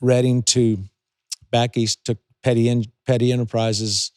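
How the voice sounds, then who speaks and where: Speaking a little slowly, an older retired racing driver from California rambles through long anecdotes, often restarting, as a guest in a casual interview. His medium-pitched voice is smooth and darkish with little pitch movement. It's a dry, studio-quality recording.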